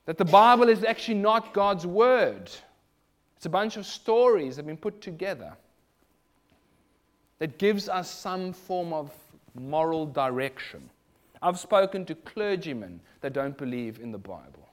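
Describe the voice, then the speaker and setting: A man with a South African accent preaching a sermon in an animated, rhetorical way. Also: sits high, unhurried. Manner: animated, rhetorical, mimics other voices in quotes.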